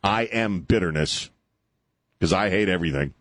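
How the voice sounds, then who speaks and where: A middle-aged man hosting a talk radio show, ranting sarcastically and slipping into mocking high voices. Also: normal speed, a bit bright, no room sound.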